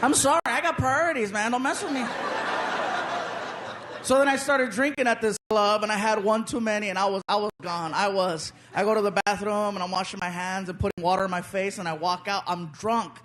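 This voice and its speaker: A man telling a stand-up story on a club stage with a handheld mic, animated and acting out voices. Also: high-pitched, a little fast. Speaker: stand-up comedian. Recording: loud laughing crowd, noisy club.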